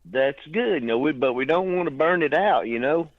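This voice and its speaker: A man's voice: a little high, animated, moderate pace, crowd noise. Drawling Southern man on a dull phone line. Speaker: caller, songwriter. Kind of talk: phone call-in chat.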